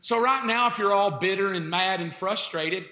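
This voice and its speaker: A middle-aged man preaching a sermon, telling comic stories in an animated way and bursting into shouts. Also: high voice, normal speed. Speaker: pastor. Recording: echoey hall.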